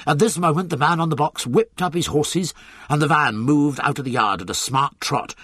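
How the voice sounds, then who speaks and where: A man narrating an audiobook with an expressive, dramatic reading. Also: fairly high pitch, moderate pace, slightly rough, no room sound.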